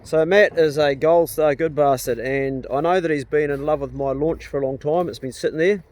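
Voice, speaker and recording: A man's voice: a little high, steady tone, moderate pace, darkish tone. A middle-aged man, chatting casually and bluntly on a vlog outdoors on a rural property. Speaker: vlogger. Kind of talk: casual chat.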